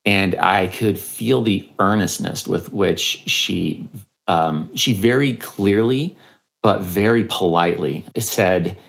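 Deep-voiced man telling a story haltingly. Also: gravelly. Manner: hesitant, many fillers and restarts. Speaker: historian and podcaster, interview guest. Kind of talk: conversational interview storytelling.

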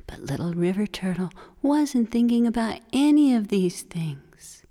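A woman storyteller telling a folk tale for children, expressive, slipping into breathy whispers. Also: mid-range voice, a little slow, hardly any pauses. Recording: long hall reverb.

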